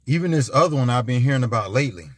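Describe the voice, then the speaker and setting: A man's voice: medium pitch, expressive, racing, husky, no echo. A man giving an emphatic, repetitive, preachy monologue as a vlogger. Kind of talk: casual ranting monologue.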